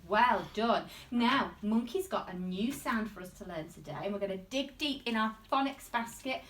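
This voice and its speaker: A woman with an English accent teaching a phonics lesson to young children, using an animated, exaggerated sing-song classroom voice. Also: medium pitch, moderate pace, hardly any pauses, recorded from a distance. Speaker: primary school teacher.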